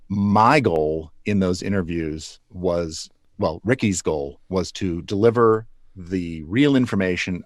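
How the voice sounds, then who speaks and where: A man's voice: sits low, no echo, clean studio sound. A man being interviewed about puppeteering, talking loosely with restarts and small chuckles. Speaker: puppeteer guest. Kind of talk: relaxed interview answers.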